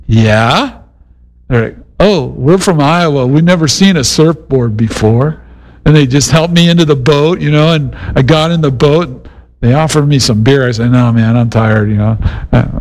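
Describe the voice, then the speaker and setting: A man's voice: medium pitch, gravelly, a little mellow, poor audio. A middle-aged man preaching a sermon in a casual, conversational way, mixing Bible teaching with a personal story. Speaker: pastor.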